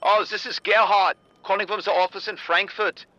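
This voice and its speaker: A man putting on a fake German accent to play a male compliance executive calling from Europe, smooth and businesslike. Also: high voice, level tone, normal speed, sharp tone, no echo, muffled recording, pitched above the performer's own voice. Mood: official. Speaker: guest acting out a phone ploy.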